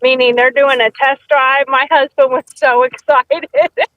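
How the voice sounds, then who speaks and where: Chatty woman co-host, high voice, dry dull sound, tells stories with quoted bits. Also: steady tone, measured pace, dry recording. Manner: chatty storyteller, acts out quotes. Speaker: podcast co-host. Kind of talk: casual chat.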